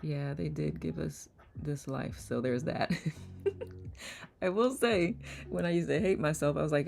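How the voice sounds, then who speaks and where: A woman's voice: sits low, measured pace, vocal fry, darkish tone, soft background music. A woman hosting a live online circle, reading comments aloud in a playful manner and laughing often. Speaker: host of online community circle. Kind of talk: casual live-stream chat reading comments.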